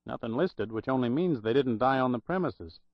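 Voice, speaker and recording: A man's voice: medium pitch, expressive, brisk, dry recording, lightly acted. A man voicing a slangy, jaunty young records clerk in an audiobook, on a dull, dry recording. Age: young adult.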